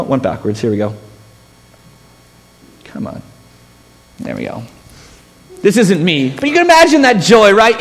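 A man's voice: high-pitched, fairly bright tone, long reverb tail. A man preaching a sermon as pastor, telling stories with self-mocking humor.

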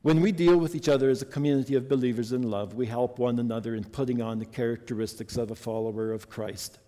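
A man's voice: medium pitch, fairly even intonation, quick pace, dark tone. A man preaching a sermon earnestly and reading a story to his congregation. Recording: long hall reverb.

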